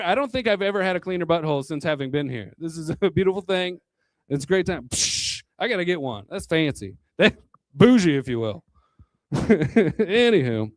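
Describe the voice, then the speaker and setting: High-pitched male stand-up comic with a crude, rambling delivery, dry close sound. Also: no room sound. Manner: crude, rambling, chuckles between jokes. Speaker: stand-up comedian. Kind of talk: stand-up comedy set. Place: live comedy venue.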